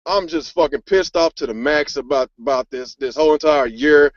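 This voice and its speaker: A man's voice: fairly high pitch, moderate pace, no echo. A man hosting a casual podcast, ranting angrily with a lot of swearing. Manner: profane angry ranting. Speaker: podcast host. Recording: dry, muffled lo-fi audio.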